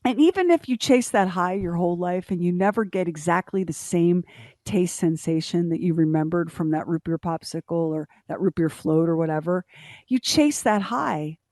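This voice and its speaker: Animated storyteller woman, dry studio sound. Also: fairly low pitch, normal speed, no echo. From Philadelphia. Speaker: radio show co-host. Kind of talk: casual chat.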